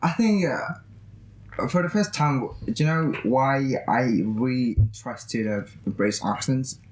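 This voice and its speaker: A young Indonesian student, a man, chatting eagerly in halting English with an Indonesian accent as a guest in a campus interview. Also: mid-range voice, a little mellow, echoey room. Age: young adult. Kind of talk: casual interview chat.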